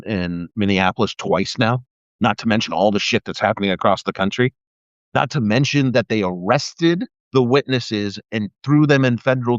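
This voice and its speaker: Hosting a live video, a middle-aged ex-cop with a lowish voice unleashes a profane, sarcastic political rant full of mocking impressions. The phone or webcam audio sounds dull and dry, without echo.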